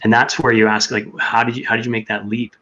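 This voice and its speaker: A man's voice: medium pitch, flat delivery, fast talker, bright, forceful tone. A man telling his story earnestly as a podcast guest, sometimes acting out his own inner voice. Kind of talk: casual chat. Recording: dull lo-fi sound.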